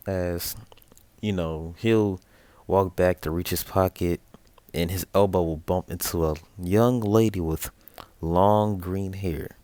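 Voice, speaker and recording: Deep-voiced young man rambling casually. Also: steady tone, takes it slowly, warm tone, no room sound. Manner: rambling, self-correcting, lots of fillers. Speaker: fan story narrator. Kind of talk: casual improvised storytelling.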